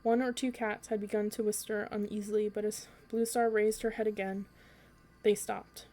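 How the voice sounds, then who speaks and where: Woman reading a bedtime story in a flat voice. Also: medium pitch, brisk, soft background music. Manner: even, occasional slips and restarts. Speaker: storytelling podcast reader.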